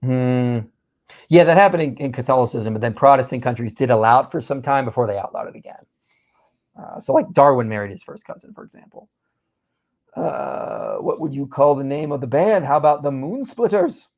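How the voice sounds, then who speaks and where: A man's voice: mid-range voice, expressive, darkish tone, muffled recording. A man hosting a live stream, reading out viewer comments and replying in casual chat. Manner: reads out viewer comments and answers them quickly. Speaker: host.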